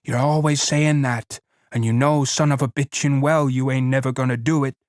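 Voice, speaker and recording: Man doing a stern old aunt, sharp scolding drawl, mid pitch. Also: fairly even intonation, moderate pace, no echo, studio quality, lightly acted.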